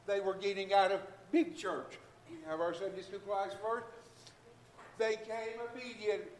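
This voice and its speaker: A middle-aged man, a physician, giving a fervent, emotional testimony in church and breaking into shouts of hallelujah. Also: high voice, level tone, normal speed, reverberant. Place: church sanctuary.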